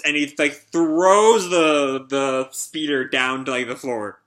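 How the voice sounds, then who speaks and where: A man's voice: medium pitch, normal speed, few pauses, pushed and bright. A young man recapping a comic chapter live, rambling with many "like" and "uh" fillers. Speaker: channel host reacting to a comic chapter.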